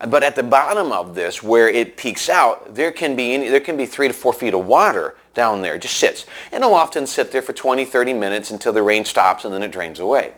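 A man giving a sermon in a conversational way, telling a story with many restarts and lively asides. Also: mid-range voice, fairly quick, hardly any pauses. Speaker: preacher.

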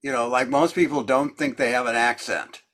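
A man leads a group discussion over a video call, talking casually and rambling with plenty of fillers. His voice sits at a middle pitch, and his tone is easygoing. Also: fairly even intonation, moderate pace, a bit bright. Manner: chatty, rambling, lots of fillers.

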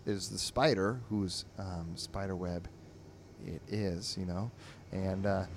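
A man's voice: lowish voice, darkish tone, slight background noise. A man hosting a comedy podcast, reading and reviewing newspaper comic strips in a rambling, wry way with many fillers and restarts. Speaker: host.

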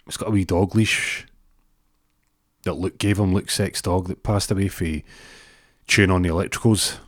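A Scottish man with a very low voice tells a rambling, casual anecdote. He often repeats words as he goes. The sound is dry and close. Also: fairly even intonation, moderate pace, dry recording. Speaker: storyteller.

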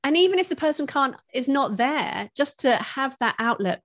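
A woman guest who teaches parenting, talking in an expressive, chatty way and laughing often. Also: high voice, normal speed, no echo. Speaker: parenting instructor, podcast guest. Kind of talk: casual conversational interview.

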